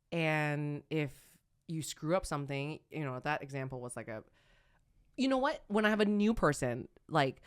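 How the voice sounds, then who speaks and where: Actress guest, low-pitched woman, loose self-correcting chat. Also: clean tone. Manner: rambling, self-correcting, animated storyteller. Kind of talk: casual conversational interview.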